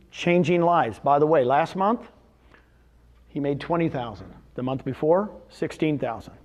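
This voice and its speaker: Animated man giving a seminar talk. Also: fairly high pitch, measured pace. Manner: animated storyteller, rhetorical questions to the crowd. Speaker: real estate seminar speaker. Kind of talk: motivational talk to an audience.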